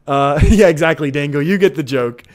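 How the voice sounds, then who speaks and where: Excitable man streaming a card game. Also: a little high, normal speed. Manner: chatty, reads chat aloud, excitable. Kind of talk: casual game commentary. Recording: faint music behind.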